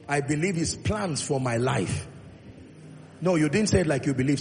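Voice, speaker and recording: A man preaching a sermon in a church, calling for congregation responses and swelling to loud, emphatic peaks, drawing out key words slowly. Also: on the high side. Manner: drawn-out, slow emphatic delivery on key points. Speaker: pastor. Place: large church hall. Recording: long hall reverb with faint music.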